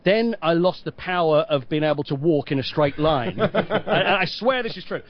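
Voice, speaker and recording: A middle-aged man with an English accent, a stadium announcer telling long, animated anecdotes as a podcast guest. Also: on the high side, moderate pace. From England. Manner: lively storyteller, acts out quoted voices. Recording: dull lo-fi podcast audio.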